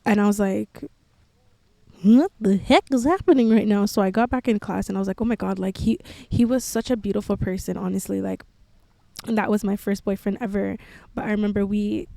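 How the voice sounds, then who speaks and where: A young woman shares a personal story on her podcast in a candid, meandering way, scattering "like" through nearly every sentence. Her voice sounds mellow and dark, and the recording is dry and close with no room sound. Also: mid-range voice, flat delivery, brisk, vocal fry, no room sound. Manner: candid, filler-heavy with frequent "like". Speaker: podcast host.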